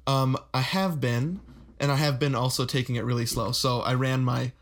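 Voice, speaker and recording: A podcast co-host talks in a relaxed, rambling way, laughing often, with a flat Midwestern accent. His voice is medium in pitch and his speed normal.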